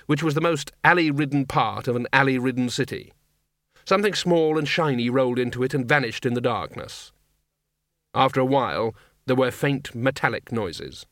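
A man narrating a comic fantasy audiobook in a measured, dry storytelling manner. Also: medium pitch, fairly bright tone, dry recording.

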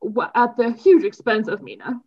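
A woman's voice: fairly high pitch, lively intonation, moderate pace. A woman co-hosting a podcast, chatting casually, hesitant and trailing off. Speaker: podcast co-host. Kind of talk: casual chat. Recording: slightly dull lo-fi audio.

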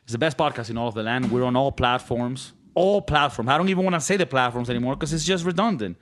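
A young man with a Venezuelan Spanish accent and a mid-range voice co-hosts a podcast, talking at a quick pace. The chat is casual, joking, and rambling.

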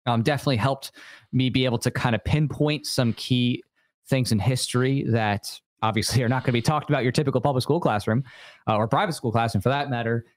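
A man's voice: mid-range voice, quick pace, no room sound. Earnest, hesitant man on a podcast. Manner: earnest, hesitant, with fillers and laughs. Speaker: podcast guest. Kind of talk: casual interview chat.

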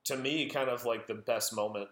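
A man's voice: mid-range voice, normal speed, fairly bright tone. Enthusiastic man in an echoey room. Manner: enthusiastic, rambling, laughs often. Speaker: podcast co-host. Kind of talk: casual film discussion. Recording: roomy echo.

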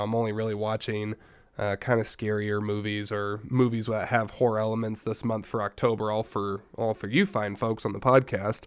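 A man's voice: medium pitch, clear, resonant tone, dry recording, clean studio sound. A man hosting a casual solo podcast, a bit tired while getting over a stomach bug, chatty and rambling with frequent asides and restarts. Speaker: podcast host.

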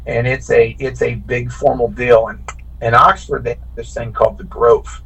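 A man's voice: medium pitch, normal speed, gravelly, slightly rough, rough recording. A man from Illinois who races cars, telling a long, rambling story with lots of restarts in casual podcast chat. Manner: animated, rambling anecdote with frequent restarts. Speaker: podcast guest, bracket racer.

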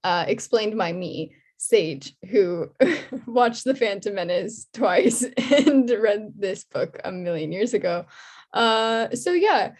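A woman's voice: medium pitch, animated, takes it slowly, darkish tone. A young woman co-hosting a podcast, chatting casually with many fillers and laughs. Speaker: podcast co-host. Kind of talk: casual chat.

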